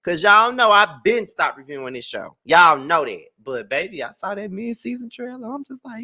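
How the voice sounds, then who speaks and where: On a laid-back celebrity gossip program, the male host plays things up dramatically and theatrically. His animated voice sits on the high side, and he talks at a moderate pace.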